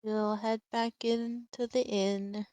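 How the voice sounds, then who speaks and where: Female player, smooth clear voice, short practical requests, dry close audio. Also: on the high side, little pitch movement, takes it slowly, warm tone, no room sound. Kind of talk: casual game table chat.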